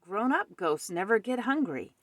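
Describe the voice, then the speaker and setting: A woman's voice: medium pitch, sing-song, normal speed, no room sound, clean studio sound, pitched above the performer's own voice. A woman reading a storybook aloud and voicing a bossy, knowing female cat who gives one-word commands.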